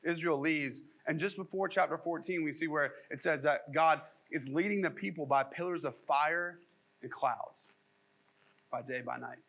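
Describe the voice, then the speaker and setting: A man's voice: a little high, normal speed, creaky, a bit bright, rough recording. A male pastor, preaching a conversational sermon and mixing scripture reading with joking, self-deprecating asides.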